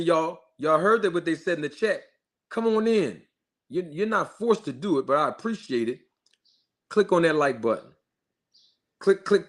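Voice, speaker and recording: Brief: Philly-male streamer, slightly high voice, hypes the chat and scolds trolls with repetition. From Philadelphia. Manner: hyped, shouts out viewers, repeats himself emphatically. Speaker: livestream host. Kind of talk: live-stream chat and commentary.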